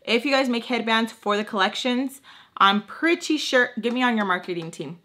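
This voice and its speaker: Sassy, bright-voiced young woman. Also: on the high side, moderate pace. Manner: sassy, animated, acts out quoted dialogue. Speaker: beauty vlogger. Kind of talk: casual storytime vlog.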